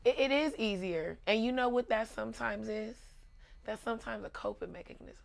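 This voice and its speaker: Woman host, gravelly voice, middle-aged, Los Angeles vernacular accent, frank and encouraging. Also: on the high side, fairly quick. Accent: African American Vernacular English, Los Angeles. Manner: encouraging, frank, curse-laced. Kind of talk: casual interview chat.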